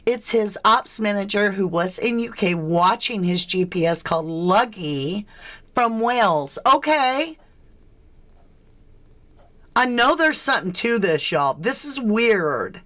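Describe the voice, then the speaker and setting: Lady doing a true crime live stream, slow easy talk, chatty, keeps asking questions. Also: medium pitch, lively intonation, a bit bright. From southern United States. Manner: chatty, greets viewers, questioning tone. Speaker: true crime livestream host. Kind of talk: casual livestream chat.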